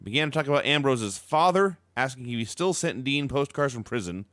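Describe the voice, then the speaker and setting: A man hosting a wrestling podcast, briskly recapping events with dry jokes. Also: mid-range voice, expressive, a bit bright, no echo. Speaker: podcast host recapping matches. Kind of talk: read-out recap with chat.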